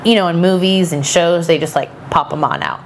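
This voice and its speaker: A woman in her thirties, a podcast guest, telling a personal story in a chatty, animated way and acting out what people said. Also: lowish voice, a little fast, a little hiss or hum. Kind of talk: casual storytelling chat.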